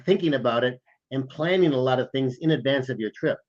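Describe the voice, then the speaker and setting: A man co-hosting a podcast, telling a travel story in an animated way and acting out what people said. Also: medium pitch, a little fast, muffled recording. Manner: animated, acts out the quoted lines. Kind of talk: casual storytelling chat.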